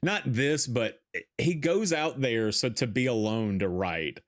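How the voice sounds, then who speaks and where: A man's voice: mid-range voice, lively intonation, unhurried. A man hosting a podcast, chatting casually while watching a film, laughing often and swearing freely. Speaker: podcast host.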